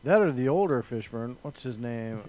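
A man's voice: mid-range voice, animated, moderate pace, a little mellow. A man co-hosting a podcast, blunt and teasing as he argues in casual banter. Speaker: podcast co-host.

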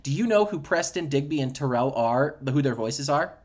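A man's voice: fairly high pitch, lively intonation, normal speed. A man co-hosting a casual podcast, joking around and tripping over his words in restarts. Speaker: podcast co-host. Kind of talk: casual chat.

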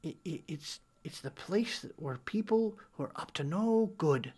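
A man voicing a nervous, kindly tavern local who stammers and talks in a folksy way, sometimes dropping to a hush. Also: a little high, animated, unhurried, slightly rough. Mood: wary.

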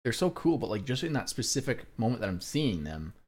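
A young man co-hosting a podcast, telling stories in an animated way and saying "like" often. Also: mid-range voice, a little fast. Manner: animated storyteller, many fillers like "like". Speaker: podcast co-host. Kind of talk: casual chat.

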